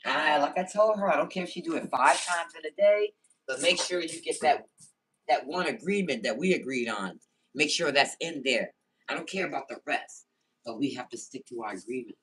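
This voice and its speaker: A woman's voice: sits low, fairly bright tone, slight background noise. A woman hosting a casual livestream, greeting viewers by name and answering the chat on her phone. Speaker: livestream host.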